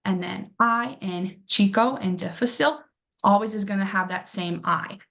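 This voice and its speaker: A young woman teaching a pronunciation lesson to a class. She talks patiently with a good deal of um, sounds words out slowly, and encourages her students. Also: medium pitch, creaky, a bit bright. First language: English. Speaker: English teacher.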